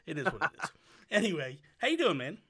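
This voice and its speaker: A man's voice: a little high, big pitch swings, quick pace, sharp tone, slightly rough. A man hosting a podcast in casual chat, playful and joking, fussing over his intro. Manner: playful, joking, self-conscious about flubs. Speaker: podcast host.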